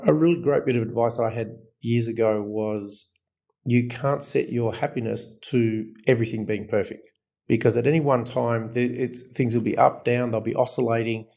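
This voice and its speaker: A man's voice: mid-range voice, fairly even intonation, moderate pace, creaky, dark tone. A middle-aged man co-hosting a podcast, sharing life lessons in a reflective, casual way. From Australia. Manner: reflective, shares advice in long flowing thoughts. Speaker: podcast co-host. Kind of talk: casual chat.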